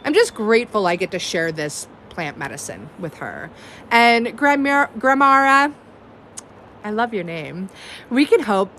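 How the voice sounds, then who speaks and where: A woman's voice: lowish voice, fairly bright tone, a little hiss or hum. A woman in her thirties, hosting as an herbalist, chatting casually and effusively, with many "like"s and "um"s. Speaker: herbalist host. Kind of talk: casual livestream chat.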